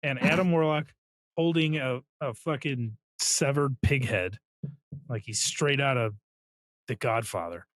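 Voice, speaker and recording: A man's voice: medium pitch, a little slow, a bit bright. A man co-hosting a podcast in casual chat, complaining sarcastically and swearing freely. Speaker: podcast co-host.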